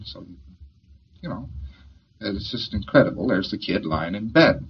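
Male lecturer, husky voice, folksy and joking, rambling delivery, muffled lo-fi old tape. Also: low-pitched, animated, a little slow, long pauses. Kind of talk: informal lecture to an audience.

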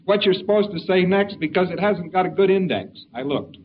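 A man's voice: high voice, a little fast. A man giving an informal lecture in a folksy, rambling way with wry asides. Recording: dull lo-fi recording with faint hiss.

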